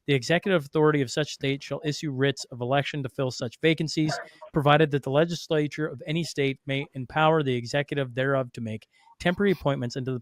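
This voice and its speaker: A man hosting a podcast, chatting casually about politics in a loose, self-deprecating way with quick asides. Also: medium pitch, dry recording, studio quality. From Alberta, Canada. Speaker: podcast host.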